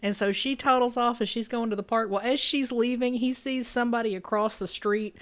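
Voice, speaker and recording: A woman's voice: on the high side, steady tone, a little fast, fairly bright tone. Laughing woman recapping a movie. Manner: laughs often while retelling scenes. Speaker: podcast co-host.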